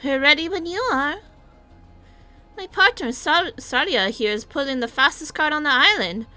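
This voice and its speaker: A woman's voice: high-pitched, animated, normal speed, sharp tone, faint music behind, pitched above the performer's own voice. A woman voicing a boisterous male cart-driving gang member in a game read-along, with folksy, drawling tough-guy talk. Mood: cheerful. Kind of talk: reading game dialogue aloud.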